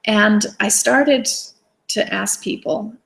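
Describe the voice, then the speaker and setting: Enthusiastic, rambling woman with a gravelly voice. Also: mid-range voice, takes it slowly, rough recording. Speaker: wellness challenge host. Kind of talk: casual storytelling talk. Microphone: video call webcam.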